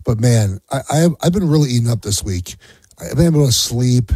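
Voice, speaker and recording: A man's voice: medium pitch, expressive, a little fast, darkish tone, slightly rough, no echo. A man co-hosting sports radio, talking in mock-mournful sarcasm with stammering restarts. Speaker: radio co-host, former pro football player. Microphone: studio microphone.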